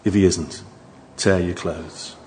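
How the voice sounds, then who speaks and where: A man preaching a sermon, moving from quiet, low asides to raised, emphatic appeals to his listeners. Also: steady tone, takes it slowly, a little hiss or hum.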